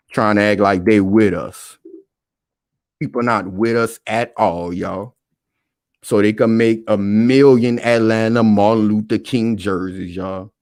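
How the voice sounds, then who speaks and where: A man's voice: on the low side, a little mellow, no room sound, clean studio sound. A man hosting a live stream and talking casually, preaching and calling out to his viewers again and again.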